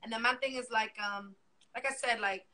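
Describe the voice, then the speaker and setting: Woman guest from Miami, bright, fairly high voice, blunt and slangy in casual chat. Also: fairly even intonation, moderate pace.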